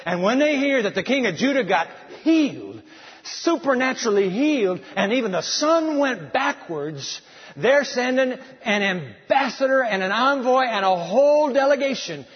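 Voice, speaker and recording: A man's voice: very high-pitched, very animated, moderate pace, breathy edge. A man preacher delivering a dramatic, storytelling sermon full of asides. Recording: dull sound with long hall reverb.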